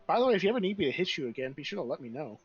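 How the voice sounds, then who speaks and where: A man's voice: a little high, very animated, very fast. A man narrating as game master of a tabletop game, with dry teasing. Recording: dull lo-fi sound.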